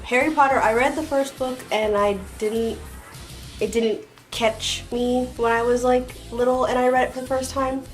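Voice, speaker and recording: Chatty young Floridian woman, slightly high voice. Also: fairly even intonation, normal speed, faint music behind, low-quality recording. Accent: Floridian American. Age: young adult. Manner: chatty and rambling, many "like" and "um" fillers. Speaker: vlogger. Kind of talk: casual tag-video chat.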